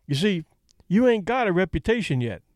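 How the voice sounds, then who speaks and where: Man doing a gruff boxing manager, matter-of-fact, defensive, audiobook, dry sound. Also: high voice, big pitch swings, a little fast, no room sound, pitched above the performer's own voice. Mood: reassuring.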